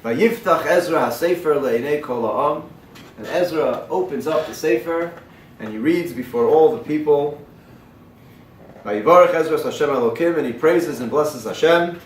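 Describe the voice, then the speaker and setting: A male rabbi teaching a sermon-style class who quotes verses and translates them, swinging between loud emphatic lines and quiet hushed ones. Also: fairly high pitch, moderate pace. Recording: echoey room, mic far off, faint noise.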